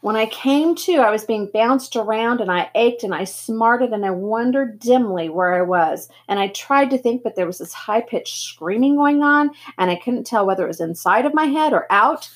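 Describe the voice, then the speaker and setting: A woman reading a novel aloud to students, expressive, with occasional slips and restarts. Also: fairly high pitch, normal speed, hardly any pauses.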